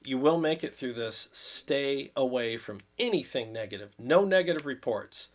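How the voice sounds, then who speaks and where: Here the livestream host, a man in his fifties, uses an expressive mid-range voice at normal speed. Still recovering from illness and worn out, he chats casually and rambles earnestly, occasionally getting emotional as he thanks his viewers.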